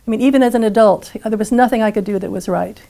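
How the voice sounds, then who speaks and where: An older woman giving a talk, telling her life story in an earnest, animated way and acting out the dialogue. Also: medium pitch, quick pace, vocal fry.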